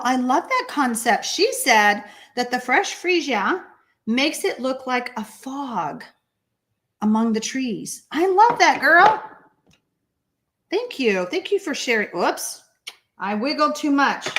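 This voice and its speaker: Texan lady doing a live card stamping class, high bubbly voice, chats with viewers. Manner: chatty, excitable, answers viewer comments. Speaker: card-making teacher. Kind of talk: live crafting tutorial.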